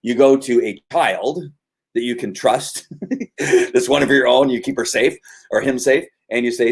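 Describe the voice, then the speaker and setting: In casual conversation, a middle-aged man who trains dogs walks through his methods at a moderate pace and medium pitch. His stories come with frequent restarts.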